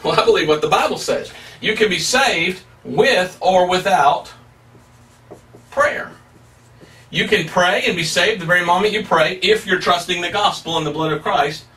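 Man preaching, bright sharp voice, kinda distant from the mic, lots of rhetorical questions. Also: high voice. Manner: emphatic, plain-spoken, uses rhetorical questions. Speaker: pastor. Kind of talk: sermon.

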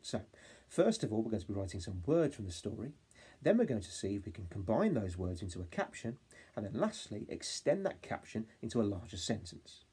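A young male teacher from England talking to young children in a home-learning phonics lesson, saying words slowly sound by sound and prompting them to repeat after him. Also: lowish voice, very animated, dark tone, slightly rough. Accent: English. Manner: slow, sound-by-sound modelling with call-and-response prompts. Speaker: reception class teacher.

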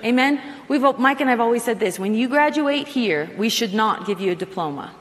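A middle-aged woman preaching a sermon to a live congregation, animated, acting out her own prayers in quoted asides. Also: fairly high pitch, brisk, some chatter behind. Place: large hall with live audience. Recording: long hall reverb.

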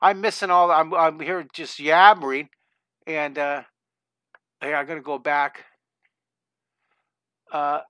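A middle-aged man hosting a live-streamed drawing lesson, talking excitedly and rambling while he draws. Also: a little high, a little slow, pauses often, smooth, dry recording. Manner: enthusiastic, gushing, talks while drawing, many restarts.

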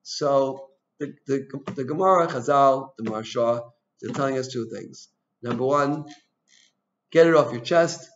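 A man teaching an informal Torah class, chatty and full of "you know", telling personal stories and asking his listeners questions. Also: medium pitch. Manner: asks the audience questions. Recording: dull lo-fi recording.

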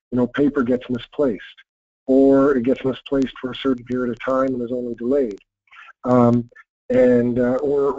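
A man of medium pitch gives a live software presentation as his voice fades and turns hoarse. He keeps clearing his throat and leans on filler words. The recording is dry and muffled, like compressed online meeting audio. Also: dry recording. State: losing his voice. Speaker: webinar presenter.

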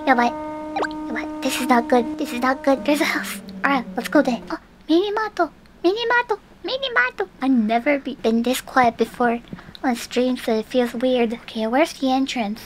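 A woman's voice: high voice, moderate pace, slight background noise. A young woman streaming a horror game, jumping between whispers and shrieks and dropping Japanese words into her talk. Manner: jumpy, swings from whispers to shrieks. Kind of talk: live gameplay commentary.

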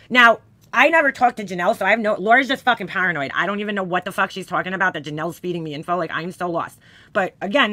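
A woman's voice: mid-range voice, pushed and bright, no room sound. A woman hosting a casual drama commentary, reading screenshots of texts aloud with blunt, profane, sarcastic asides.

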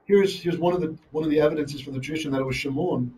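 A man's voice: a little high, racing, darkish tone, distant mic, soft background music, rough recording. A man teaching a live online Bible lesson, reading Hebrew verses and translating them line by line, often checking in with "right?". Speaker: Torah teacher.

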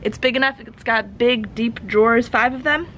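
A woman's voice: on the high side, moderate pace, fairly bright tone, muffled recording, slight background noise. A young woman vlogging in a casual, chatty way, laughing often and a little out of breath. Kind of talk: casual chat to camera.

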